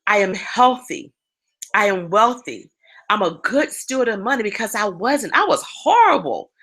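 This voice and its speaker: A woman giving a motivational talk, telling animated stories and addressing her listeners directly. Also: medium pitch, moderate pace, low-quality recording. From East Coast of the United States. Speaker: motivational speaker.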